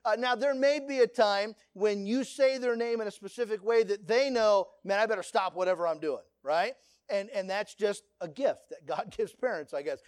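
A man's voice: high voice, no room sound, studio quality. A man preaching a sermon to a congregation, earnest and direct, telling stories to make his point. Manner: earnest, preachy, lively storytelling. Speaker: pastor.

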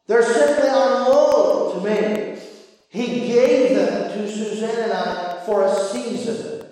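A high-voiced man preaches a sermon, his delivery rising and falling sharply for emphasis. He sounds distant from the microphone, and his voice rings through a large, reverberant church hall. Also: slow pace. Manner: preaching with dramatic swings in pitch and loudness. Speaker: pastor. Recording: echoey hall, voice from far off.

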